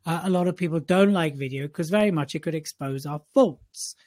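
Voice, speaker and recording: Man, podcast co-host, high voice, teasing, mock-exasperated. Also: a little fast, darkish tone. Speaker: podcast co-host, speaking coach. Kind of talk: casual podcast chat.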